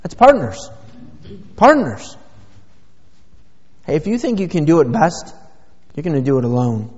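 A man's voice: on the high side, big pitch swings, measured pace, a little mellow. A man pastor preaching a sermon, emphatic and driving his points home with rhetorical questions. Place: church sanctuary. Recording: dull lo-fi sound with long church reverb.

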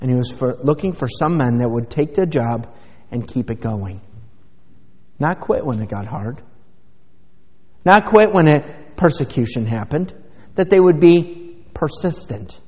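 A man's voice: mid-range voice, animated, measured pace, darkish tone, husky. A man pastor preaching a sermon, emphatic and driving his points home with rhetorical questions. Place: church sanctuary. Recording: dull lo-fi sound with long church reverb.

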